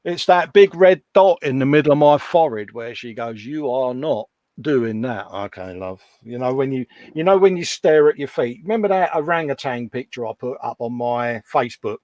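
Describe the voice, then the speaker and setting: A middle-aged man trades jokes at his own expense and laughs a lot. His voice sits at an ordinary middle pitch. It is recorded close and dry, with almost no room sound. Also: animated, a little fast, few pauses, darkish tone, no echo, lo-fi sound. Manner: joking, self-mocking, laughs often. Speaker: live stream host. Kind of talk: casual banter.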